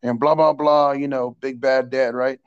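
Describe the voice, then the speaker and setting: A man telling a coaching story in a casual chat, animated and slangy, stumbling over repeated words and laughing often. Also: mid-range voice, normal speed, smooth, no echo, muffled recording. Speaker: podcast guest, assistant softball coach.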